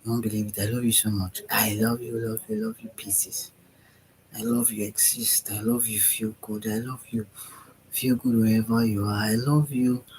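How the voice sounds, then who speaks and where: A man's voice: on the low side, darkish tone, a little hiss or hum, low-quality recording. A man, talking to camera in a rambling, dreamy vlog full of repetition, sighs and yawns. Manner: meandering, dreamy, repeats himself, with yawns and sighs. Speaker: vlogger. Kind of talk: rambling spiritual self-talk vlog.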